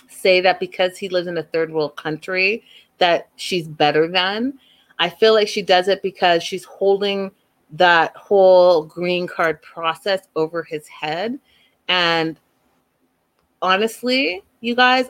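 A woman's voice: fairly low pitch, fairly bright tone. A woman giving blunt, opinionated commentary on a reality show, speaking straight to her viewers. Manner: emphatic, blunt, talks straight to "you guys". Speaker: reality TV recap vlogger.

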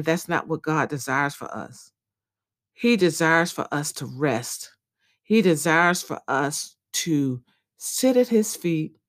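A woman giving an earnest devotional podcast message, repeating phrases in a preaching cadence. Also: fairly low pitch.

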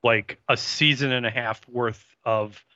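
A man with a bright, sharp tone who talks slowly and weighs his points. He casually argues about a TV show's plot. The recording is dry and close but a bit dull. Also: medium pitch, fairly even intonation, no room sound. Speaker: podcast co-host. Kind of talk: casual chat discussing a TV episode.

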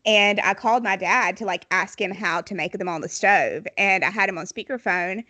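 A woman's voice: mid-range voice, moderate pace, pushed and bright. Chatty Southern woman podcast host. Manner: chatty storyteller, laughs often. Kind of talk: casual chat.

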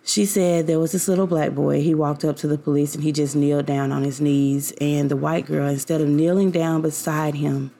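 A young woman hosts her own podcast in a loose, confessional monologue. Her voice sits low for a woman and carries a gravelly fry. She rambles warmly from thought to thought, full of likes and you knows. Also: flat delivery, moderate pace, few pauses. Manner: rambling and heartfelt, many fillers. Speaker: podcast host. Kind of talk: casual personal podcast monologue.

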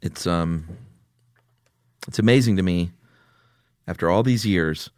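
A man with a lowish voice chats casually as a podcast co-host. He teases his partner in an easy, joking way. The sound is close and dry. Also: a little slow, darkish tone, no echo. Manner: joking, teasing. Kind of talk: casual chat.

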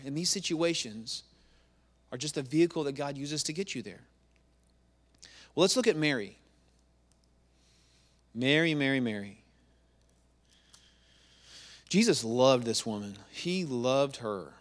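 A man's voice: mid-range voice, in a large hall. A man preaching a sermon, reading scripture verses aloud and repeating words for emphasis.

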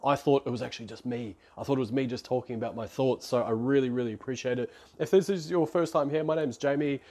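A man's voice: mid-range voice, fast talker, dark tone. A man, hosting a solo podcast in a chatty, rambling, self-deprecating way. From New Zealand. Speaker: podcast host.

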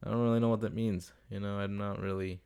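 A man's voice: lowish voice, flat delivery, fast talker, gravelly, darkish tone, smooth. A young man hosting a casual advice podcast from home, rambling, swearing and drifting off topic as he reads listener questions. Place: home room with window, street noise outside. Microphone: desktop computer setup.

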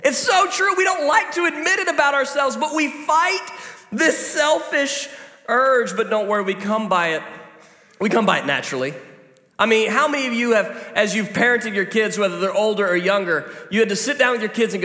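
High, bright-voiced pastor in an echoey hall. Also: male voice, fairly quick. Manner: storytelling, joking, lively asides. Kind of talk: sermon.

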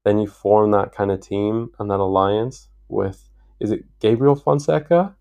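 A man's voice: fairly low pitch, unhurried, creaky, mellow. A man hosting a podcast, working through long, reflective thoughts with enthusiasm. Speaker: podcast host. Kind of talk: podcast interview.

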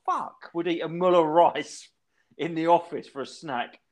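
In his thirties and from England, he co-hosts a podcast, telling a rambling, animated story in casual talk with plenty of swearing. His voice sits a little high, and he's unhurried.

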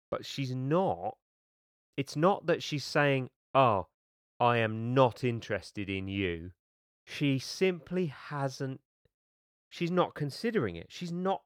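A man's voice: mid-range voice, dry recording, clean studio sound. A man reading a novel aloud and commenting on it in an exasperated, mocking tone. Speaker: book reviewer reading aloud. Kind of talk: sarcastic read-along commentary.

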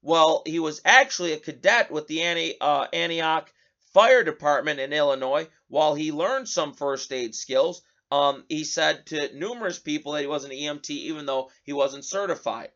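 A man's voice: on the high side, moderate pace, fairly bright tone. A man hosting his own show, reading news stories aloud and breaking off into opinionated, sarcastic asides. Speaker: host. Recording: dull lo-fi recording.

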